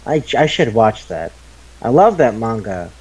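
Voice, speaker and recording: A man in his twenties co-hosting a casual chat podcast, excitable and quick to swear. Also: mid-range voice, husky, low-quality recording. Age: 20s. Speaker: podcast co-host. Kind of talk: casual chat about anime.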